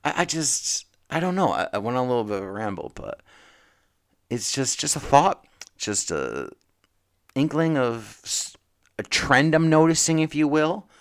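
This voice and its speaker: A man's voice: mid-range voice, very animated, measured pace. A man hosting a casual comic book podcast, rambling and emphatic, with frequent restarts. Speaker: podcast host.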